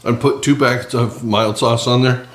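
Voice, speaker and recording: A man's voice: medium pitch, fairly even intonation, moderate pace, roomy sound. A man hosting a casual cooking vlog from his small home kitchen, chatting and joking with viewers. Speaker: cooking channel host. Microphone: several cameras on the counter.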